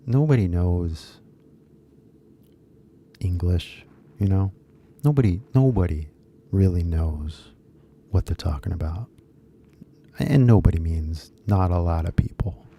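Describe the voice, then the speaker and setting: A man's voice: low voice, slow, pauses often, dark tone. A man with an American accent giving a casual, rambling English pronunciation lesson, repeating key words for emphasis. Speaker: English teacher.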